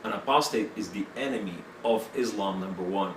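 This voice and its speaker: A man's voice: fairly low pitch, brisk, background noise. A man giving his personal testimony in an interview, speaking broken English with many fillers. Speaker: interview guest. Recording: echoey room, mic at a distance.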